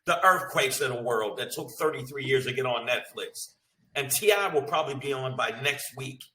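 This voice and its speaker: A man's voice: mid-range voice, expressive, normal speed, sharp tone. A man, a comedian ranting profanely on a podcast. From Brooklyn, New York. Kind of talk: heated casual chat. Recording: echoey room, mic at a distance, faint noise.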